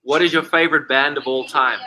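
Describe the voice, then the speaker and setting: Bright-voiced male host, quick questions. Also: on the high side, fairly even intonation, poor audio. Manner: rapid-fire quiz-style questions. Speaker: podcast host. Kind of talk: casual interview.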